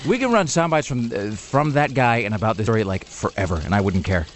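A male talk radio host who rattles along at a fast clip, full of sardonic asides and tangents. His voice sits slightly low and carries a faint hiss of background noise from the studio. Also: lively intonation. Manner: rapid, sardonic, rambling asides. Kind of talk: irreverent talk radio banter.

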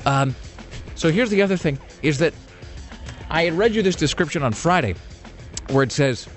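A man's voice: on the high side, expressive, moderate pace, faint music behind. A man, a radio show host, telling a long self-mocking story in casual chat, rambling with comic asides.

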